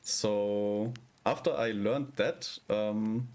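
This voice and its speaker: A man's voice: fairly low pitch, very slow, darkish tone. A man streaming live, chatting casually with viewers in a rambling, hesitant way.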